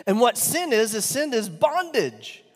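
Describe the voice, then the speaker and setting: A male pastor delivers a sermon in a high, animated voice that rises to loud emphatic peaks and drops to near-whispers. He often turns rhetorical questions on his congregation. The sound carries a long reverb, as from a large hall. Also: unhurried. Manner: preaching with big swings from loud emphatic peaks to soft, near-whispered lines.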